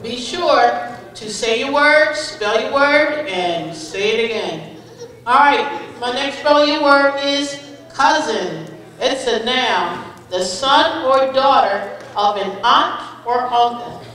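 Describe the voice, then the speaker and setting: A woman calling out words at a school spelling bee, giving each definition and a sample sentence in a slow, deliberate, clearly enunciated way, recorded from far off in an event hall. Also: sits high, lively intonation, fairly bright tone. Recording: echoey hall from far off with audience.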